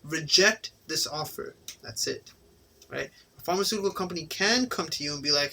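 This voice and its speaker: A man's voice: a little high, moderate pace, creaky, sharp tone, slight background noise. A man giving a casual exam-prep lecture, often tagging "right?" onto his points and briefly acting out the people he quotes. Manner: casual, repeats "right?" to check understanding; acts out quoted people in passing.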